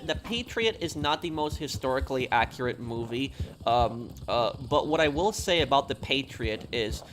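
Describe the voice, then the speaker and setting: Male streamer, middle-pitched, loose rambling delivery full of fillers over steady noise. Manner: rambling, many fillers and restarts. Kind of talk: casual live-stream talk.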